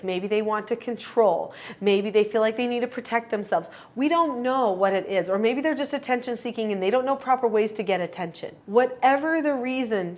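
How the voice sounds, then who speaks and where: A middle-aged woman giving calm, earnest parenting advice straight to camera, now and then acting out what a parent and child might say. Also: a little high. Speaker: parenting coach. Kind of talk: instructional talk to camera.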